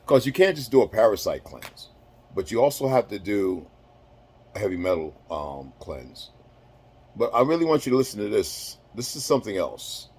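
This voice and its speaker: A man's voice: on the low side, very animated, normal speed, darkish tone, breathy edge. A man talking casually to his followers in a rambling way, repeating words and using many fillers. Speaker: social media poster. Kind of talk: casual chat.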